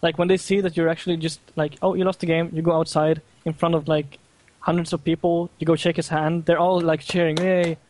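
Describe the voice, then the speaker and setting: A man guest on a gaming podcast, talking haltingly with many fillers. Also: a little high, level tone, darkish tone, low-quality recording. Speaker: guest player. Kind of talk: podcast discussion.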